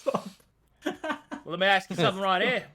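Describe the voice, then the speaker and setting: A brash demon hunter with a broad, put-on Australian accent, bright and raised in pitch, as a game master hams it up. He talks loud and fast in a boisterous tabletop-game voice, joking the whole time. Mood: gruff teasing. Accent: mock Australian.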